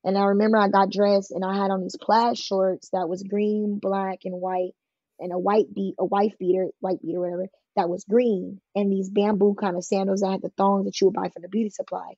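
A woman's voice: mid-range voice, level tone, brisk, warm tone, breathy edge, dry recording, dull audio. A woman from California, a guest telling her life story in an interview, speaking frankly and plainly with many fillers. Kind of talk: emotional personal storytelling in an interview.

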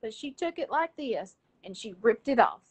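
Woman, high voice, defensive and repetitive, live video chat. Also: big pitch swings, normal speed, slightly rough. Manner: defensive, repetitive storytelling, cusses. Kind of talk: casual heated chat.

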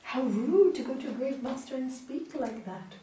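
A woman yoga teacher giving a gentle, emphatic spiritual talk and telling stories with acted voices, recorded in a hall. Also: high-pitched, normal speed, distant mic, slight background noise. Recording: echoey hall, voice from off-mic.

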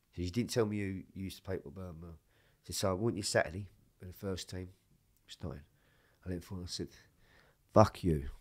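Man, low-pitched, animated storyteller, swears a lot, casual chat. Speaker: podcast guest.

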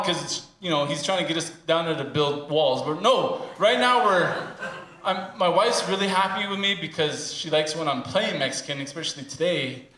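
A man performing a stand-up comedy set on a theater stage, chatty and laughing through his punchlines on a handheld mic. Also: high-pitched. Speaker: stand-up comic. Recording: echoey theater, loud background noise.

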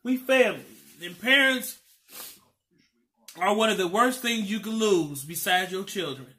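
A man's voice: sits high, measured pace. A man vlogging while eating, chatting casually and telling stories with a lot of emotion. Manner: emotional, animated storytelling. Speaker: mukbang vlogger. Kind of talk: casual chat over a meal.

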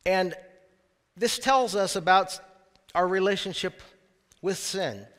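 A male pastor preaches conversationally in a church sanctuary, making asides to the congregation, and the recording carries long church reverb. His voice is high and fairly bright, and he takes things slowly.

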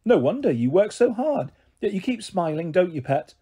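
A man's voice: high voice, sing-song, moderate pace, husky, full character voice. A man reading aloud, voicing a fond, fussing mother in a children's storybook. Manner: warm and fussing.

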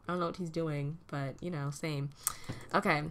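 A young woman with a low-sitting, fairly bright voice talks at a normal speed with fairly even intonation. As a gaming video host, she gives casual let's-play commentary, chatting and giggling and often laughing at what happens on screen.

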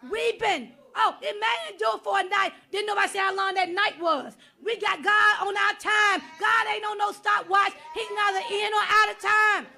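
High-voiced, bright woman preacher. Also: creaky. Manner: impassioned preaching, repeating rhetorical questions. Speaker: guest preacher. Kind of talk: sermon.

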